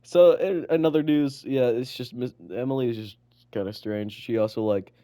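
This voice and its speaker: A man's voice: mid-range voice, fairly even intonation, moderate pace, dark tone. A teenage boy co-hosting a student podcast, telling rambling stories in casual chat full of "like" and swearing. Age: teens.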